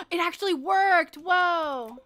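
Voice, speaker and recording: Bright-voiced, giggly young woman streamer. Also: extremely high pitch, sing-song, takes it slowly, soft background music. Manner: chatty, giggly, lots of fillers. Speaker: game streamer. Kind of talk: casual chat while gaming.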